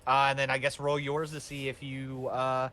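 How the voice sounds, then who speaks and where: Relaxed male game master. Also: mid-range voice, moderate pace, a crowd in the background. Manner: casual, many fillers and restarts. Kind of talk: running a tabletop game.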